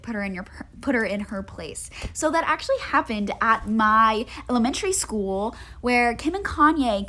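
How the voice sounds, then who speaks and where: A woman's voice: mid-range voice, fairly bright tone. A young woman telling a funny anecdote in a chatty way, saying "like" often and acting out the people in it. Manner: chatty, says "like" a lot, acts out voices. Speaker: TikTok storyteller. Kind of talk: comic storytime.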